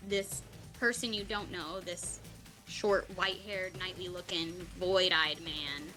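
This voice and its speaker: A woman narrating as game master of a tabletop game, upbeat, with quick asides and frequent laughs. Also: fairly low pitch, steady tone, sharp tone, soft background music.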